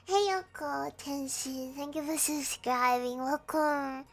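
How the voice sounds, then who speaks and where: A young woman streaming, with a hoarse, croaky voice, chatting hesitantly and reading viewer messages aloud. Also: sits high, faint music behind. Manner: slow, hesitant, reads chat aloud and answers. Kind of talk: casual chat with viewers.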